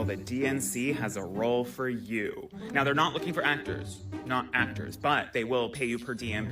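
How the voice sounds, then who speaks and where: A man doing sarcastic commentary in an online video clip, in a mock-cheerful tone. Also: mid-range voice.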